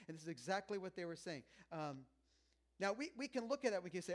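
This sermon comes from a pastor whose voice sits slightly above the typical male range, and he keeps it relaxed and conversational, cracking jokes with the congregation. He talks fast with big pitch swings, dropping nearly to a hush and then rising to loud, insistent emphasis.

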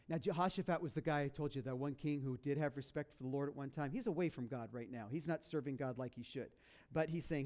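A man preaching a sermon, telling a story in a lively, jokey way and slipping into voices for the characters. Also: medium pitch, fast. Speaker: pastor.

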